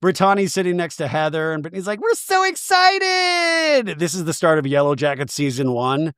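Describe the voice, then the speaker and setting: A man hosting a podcast, recapping a reality show in a jokey, animated way and slipping into quick mock voices. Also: fairly high pitch, clear, resonant tone, dry recording, studio quality. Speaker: podcast host.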